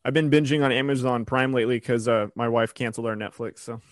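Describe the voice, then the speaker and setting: Casting: male co-host, rambling chatty storyteller, mid-pitched, dry close mic. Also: steady tone, fast, no echo. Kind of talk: casual chat.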